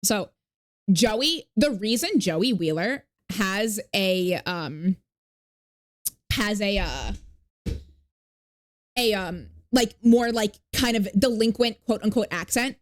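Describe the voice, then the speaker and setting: A woman's voice: mid-range voice, lively intonation, slow pace, long pauses. A woman streamer chatting casually with her viewers. She rambles with lots of fillers, swears freely and stops to thank new followers. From not New York. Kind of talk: casual live-stream chat.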